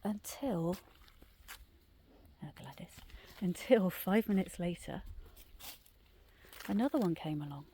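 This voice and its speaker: A middle-aged woman casually telling ghost stories on a night walk through the woods, often dropping into a hushed whisper. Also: on the low side, expressive, slow, pauses often, a little hiss or hum. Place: woodland trail outdoors at night.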